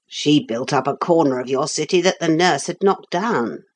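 A woman voicing a small wooden toy man come to life, who explains things in a calm, matter-of-fact way. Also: low voice, moderate pace, slightly rough. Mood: patient.

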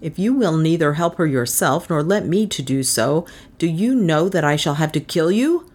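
A woman reading a story voices a desperate, protective young gentleman, speaking in an urgent, pleading way. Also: sits low, lively intonation, moderate pace. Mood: resolute.

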